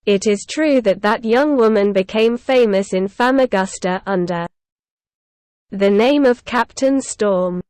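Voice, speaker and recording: A woman voicing a robust, calm male Turkish sea captain who speaks with dry irony, in a storybook reading. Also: medium pitch, unhurried, no echo, close to an everyday voice. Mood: calm, ironic. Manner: steady and even, with a dry ironic edge.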